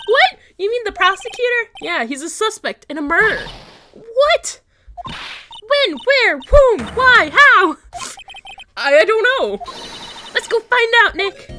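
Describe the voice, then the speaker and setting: A woman voicing an excitable teenage girl sidekick in a video game, firing off eager questions in a high, bright voice. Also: slight background noise, heavily acted. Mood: excited. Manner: excited, rapid-fire questions.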